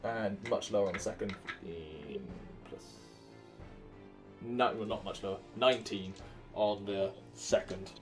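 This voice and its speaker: A man from Wales with a Welsh accent and a fairly low voice runs a tabletop game as dungeon master. He narrates the action and counts dice aloud. Between rolls he hums little filler sounds. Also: measured pace, soft background music.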